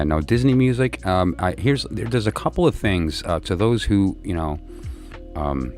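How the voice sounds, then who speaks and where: A man's voice: low voice, darkish tone. A tired man hosting a livestream, telling a story to his viewers in a chatty, rambling way with lots of fillers and restarts.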